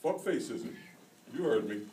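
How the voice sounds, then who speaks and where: A man's voice: mid-range voice, sing-song, unhurried, warm tone, slight background noise, voice pushed up. A man reading aloud, voicing a wisecracking, foul-mouthed fifteen-year-old city boy in a roomy hall recorded from a distance. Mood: mocking. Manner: mocking, crude, smart-mouthed. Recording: roomy hall, taken from far off.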